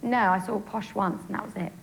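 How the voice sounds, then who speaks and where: A woman's voice: medium pitch, fairly even intonation, fairly quick, vocal fry, crowd noise, low-quality recording. An English woman pop singer answering questions at a press conference in a chatty, earnest way. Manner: chatty, earnest, many "you know"s.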